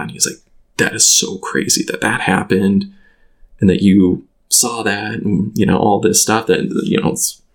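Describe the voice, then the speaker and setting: Here a man in his thirties, appearing as a guest, tells a story from his own life in an easygoing conversation. Frequent restarts and "like" fillers make his delivery halting, all in a low register with a rough, creaky grit.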